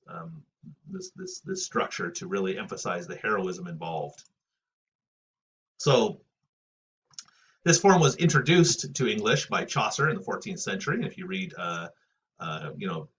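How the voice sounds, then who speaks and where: A man's voice: low-pitched, a bit bright. A man teaching an English lesson in a rambling lecture style, full of fillers and restarts. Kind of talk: recorded lecture. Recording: dull, lo-fi, faint hiss, mic at a distance.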